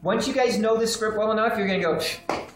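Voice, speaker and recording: An animated man runs a live training session, throwing questions at the room and acting out phone calls. His voice bounces around a very reverberant hall, with faint background ambience underneath. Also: high voice, fast talker, noisy background. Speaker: sales trainer. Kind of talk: live seminar teaching. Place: seminar room with a live audience.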